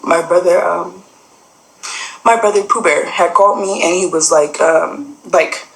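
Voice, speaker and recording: Young woman, low-ish voice, casual rambling storyteller who acts out quoted dialogue. Roomy, echoey recording. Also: steady tone, unhurried, vocal fry. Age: young adult. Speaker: guest sharing a personal story. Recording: roomy echo.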